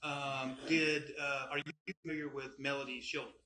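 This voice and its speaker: A man's voice: mid-range voice, little pitch movement, normal speed, pushed and bright, a little hiss or hum. A man questioning a witness in court, asking methodical, clarifying questions. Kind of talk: courtroom examination. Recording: echoey courtroom mic.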